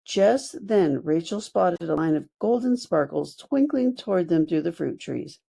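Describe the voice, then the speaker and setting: A woman narrating a children's book read-aloud in an expressive storytelling manner. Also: fairly low pitch, unhurried, gravelly, slightly rough.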